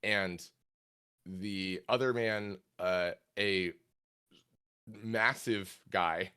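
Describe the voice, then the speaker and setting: Deep, slow-talking game master. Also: male voice, steady tone, sharp tone, clean tone. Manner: halting, full of fillers. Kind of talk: narrating a tabletop game.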